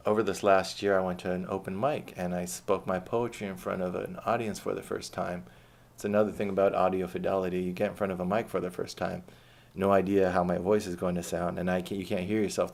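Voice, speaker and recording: A man talking casually about performing at an open mic and reading his own spoken-word poem, low-key and reflective, swearing freely. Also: gravelly, darkish tone.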